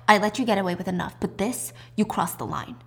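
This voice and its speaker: A woman voicing a cold, menacing male crime boss who speaks in low, clipped threats. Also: fast talker, gravelly, a bit bright, breathy edge.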